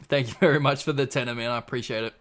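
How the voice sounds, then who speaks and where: A man's voice: medium pitch, fairly even intonation, racing, fairly bright tone. An Australian man hosting a livestream in casual chat, laid-back and swearing freely as he reads out chat messages. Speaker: livestream host.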